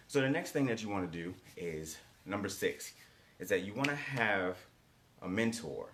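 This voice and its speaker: A man with a low voice and a fairly bright tone gives a motivational coaching talk. He pushes his message with emphasis, circles back to key lines, and punctuates it with rhetorical "right?"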